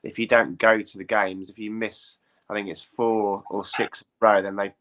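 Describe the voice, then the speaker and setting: A man chatting casually about football as a panelist, quick and chatty, often tagging on questions like a regular. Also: on the low side, level tone, a bit bright. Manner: quick, chatty, asks for agreement with tag questions.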